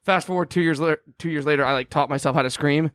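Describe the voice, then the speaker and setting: A man's voice: a little high, fast talker, fairly bright tone, dry recording. A man speaking as a podcast guest, telling a story in a loose, chatty way. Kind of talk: casual chat.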